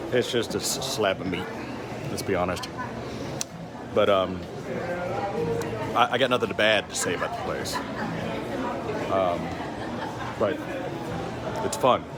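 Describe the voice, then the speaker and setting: A man from Texas with a Southern Texan accent, vlogging in a casual, rambling, blunt way and swearing freely. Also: sits low. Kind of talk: casual travel vlog. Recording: outdoor traffic noise behind.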